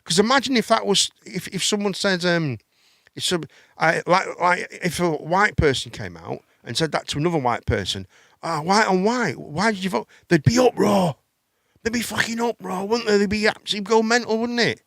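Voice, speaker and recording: A middle-aged man hosting a live chat show, his voice sitting a little high. He rambles along with stammered restarts and casual swearing. The sound is dry and close, with no room around it. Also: lively intonation, a little fast, a bit bright, dry recording.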